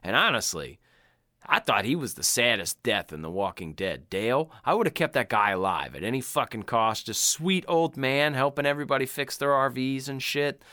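A man's voice: mid-range voice, moderate pace, no room sound. A man talks loosely about a film with a co-host, cursing freely and breaking into laughs as he retells scenes. His voice rises and falls a lot, and it sounds dry and close to the mic. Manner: animated, swearing, laughs while retelling scenes. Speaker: podcast co-host. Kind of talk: casual movie chat.

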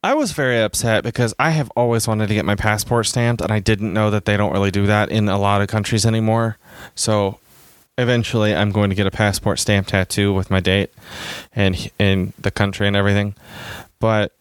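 A man's voice: fairly low pitch, fairly even intonation, fairly quick, clear, resonant tone, dry recording. A man telling rambling, self-mocking travel stories in a casual chat, acting out the people he quotes.

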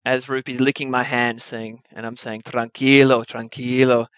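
A young man telling a true adventure story at a live story slam, wry and animated, with comic timing. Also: medium pitch, moderate pace, no echo, lo-fi sound.

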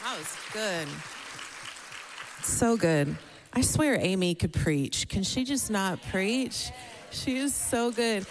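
Woman, church leader, slow delivery, gushing praise, echoey hall. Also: mid-range voice, crowd noise. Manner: enthusiastic, repeats praise, laughs. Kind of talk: warm encouragement to congregation. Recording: long hall reverb.

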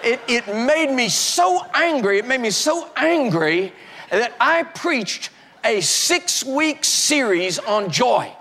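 A man, preaching as a pastor and telling his own story, moving from loud fury to quiet, halting confession. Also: extremely high pitch, big pitch swings, slight background noise. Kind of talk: sermon testimony.

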